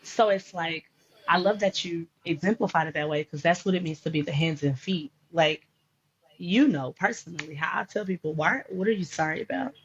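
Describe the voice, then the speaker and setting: A woman's voice: on the low side, normal speed, slight background noise. A woman life coach talking about faith and grief in an emphatic, preacherly storytelling way. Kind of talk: faith-based conversation. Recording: dull lo-fi sound.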